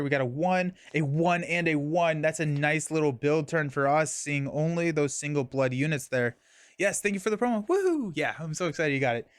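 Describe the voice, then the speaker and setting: A young man with a fairly high voice casually streams a card game, talking through his moves while chatting with viewers. He reads the chat and thanks viewers mid-game, and the recording is clean, dry and studio quality.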